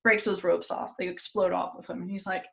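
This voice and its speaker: A woman's voice: fairly low pitch, flat delivery, fairly quick, gravelly. A woman podcast host telling a story casually in a loose, jokey way, with fillers and the odd curse.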